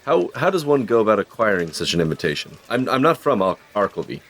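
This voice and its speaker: A man's voice: lowish voice, big pitch swings, fast, fairly bright tone. A male player in a tabletop game, politely and hesitantly asking questions in character. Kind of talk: tabletop role-play.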